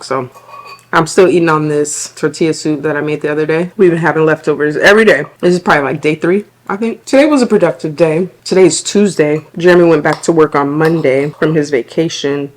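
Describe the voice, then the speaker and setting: Low-voiced chatty young mom vlogger. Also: female voice. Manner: chatty, animated storytelling with many fillers. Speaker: vlogger, stay-at-home mom. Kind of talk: casual chat to camera.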